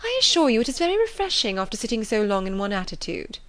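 A woman's voice: fairly high pitch, sing-song, quick pace, a bit bright, dry recording. A woman reading the part of a haughty, scheming young society woman in an arch, affected manner.

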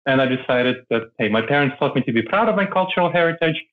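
A man's voice: mid-range voice, expressive, quick pace. A man from Moldova, explaining ideas as a guest in an interview, often adding "right?". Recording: phone-like line.

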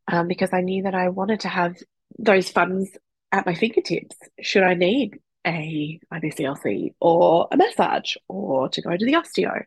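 Woman, 30s, breastfeeding supporter; blunt, lively, swears; slightly husky, lower voice. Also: no echo, poor audio. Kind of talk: candid advice talk.

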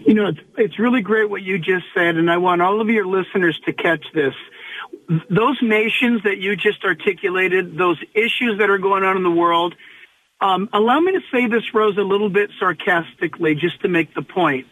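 A man, a pastor, speaking earnestly as a radio interview guest and slowing down to stress his points. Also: high-pitched. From Southern California. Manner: earnest, preacherly, slows for emphasis. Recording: tinny phone line.

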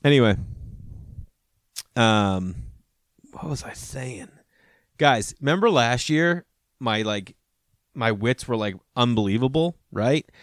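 Thirtysomething guy rambling and cussing, super lively pitch, dry close sound. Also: takes it slowly, long pauses, dry recording. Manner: profane, animated storytelling, acts out both sides of conversations. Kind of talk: casual rambling monologue.

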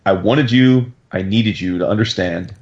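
A man's voice: lowish voice, moderate pace, lo-fi sound, natural voice. A man reading as a curt, imposing mutant leader. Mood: commanding. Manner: curt and commanding. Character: stern, imposing older male mutant leader.

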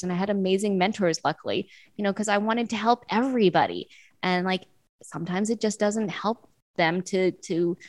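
Gravelly-voiced woman giving parenting advice. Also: on the low side, no room sound. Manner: earnest, lots of fillers and restarts. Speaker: parenting guest. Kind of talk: casual conversational advice.

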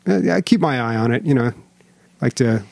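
A man co-hosting a casual gaming podcast, talking in a hesitant, measured way. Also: medium pitch, animated, creaky, darkish tone, dry recording. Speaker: podcast co-host. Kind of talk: casual chat.

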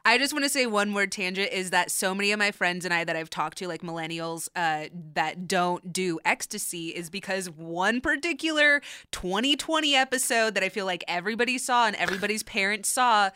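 A woman in her thirties co-hosting a podcast in casual chat, teasing and quick to laugh. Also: mid-range voice, sharp tone, clean tone, no echo, studio quality. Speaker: podcast co-host.

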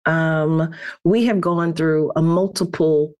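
A woman hosting a podcast in casual chat, relaxed and laughing, often repeating words as she talks. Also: low voice, slow pace. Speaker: podcast host.

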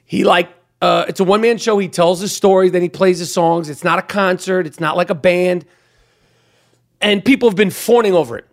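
A man's voice: sits high, fairly quick. A middle-aged man hosting a podcast in a casual monologue, talking bluntly and profanely and rambling with frequent restarts. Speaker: podcast host.

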